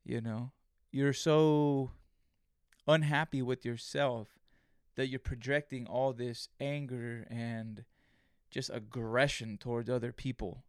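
A man's voice: medium pitch, fairly even intonation, slow pace, smooth, no echo, clean studio sound. A man hosting a solo podcast, talking in a casual, rambling way with lots of swearing, fillers and restarts. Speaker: podcast host.

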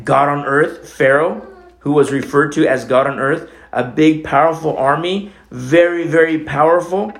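Man preaching, conversational and animated, gravelly voice, roomy echo, faint background hiss. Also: fairly high pitch. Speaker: pastor. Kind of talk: sermon. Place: church.

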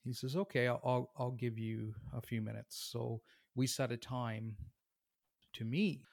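Gravelly man telling a story. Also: medium pitch, a little slow, dry recording, clean studio sound. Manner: animated, acts out other people's lines, laughs often. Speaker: tattoo artist and guest. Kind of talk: casual storytelling.

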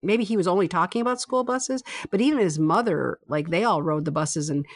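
A woman's voice: lowish voice, brisk. A woman from Michigan in casual conversation, rambling and correcting herself with small chuckles. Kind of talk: casual book discussion.

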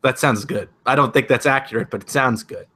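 A man's voice: medium pitch, brisk, pushed and bright. A man, a priest, co-hosting a casual podcast in a playful, easygoing way.

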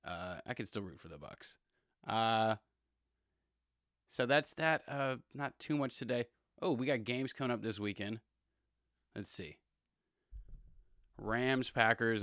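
A man's voice: lowish voice, lively intonation, a little slow, pauses often, fairly bright tone, dry recording, clean studio sound. A man hosting a podcast and rambling casually about football, chuckling and correcting himself as he goes. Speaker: podcast host. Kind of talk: casual sports chat.

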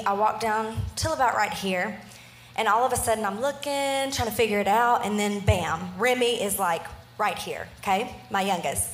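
A woman in her thirties giving a storytelling sermon, animated and often checking in with her listeners. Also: medium pitch, moderate pace, reverberant, a little hiss or hum. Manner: animated, keeps checking in with the audience. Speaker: preacher.

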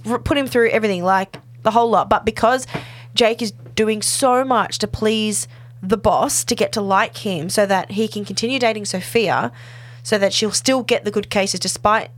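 On a podcast, a woman speaking at normal speed in a medium pitch chats casually through a TV episode recap, animatedly performing the characters' quoted lines.

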